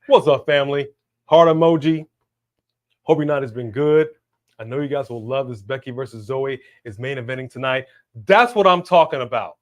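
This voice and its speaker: Animated man hosting a live watch-along. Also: mid-range voice, brisk. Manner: animated, reads out viewer messages, slangy. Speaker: co-host of a wrestling watch-along stream. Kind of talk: casual live-stream chat.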